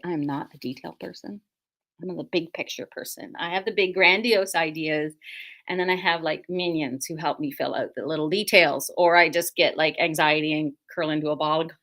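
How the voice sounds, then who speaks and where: A woman's voice: fairly low pitch, pushed and bright. A middle-aged woman, hosting a casual livestream from her quilt shop, joking and self-deprecating as she rambles.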